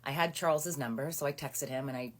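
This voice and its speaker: A woman in her thirties speaks in a low, deep register as she tells a personal story straight to her phone camera. She sounds animated and indignant, piling on fillers and asides. The sound is close and intimate, recorded indoors in a small room. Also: fairly quick. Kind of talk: casual storytime recap to camera.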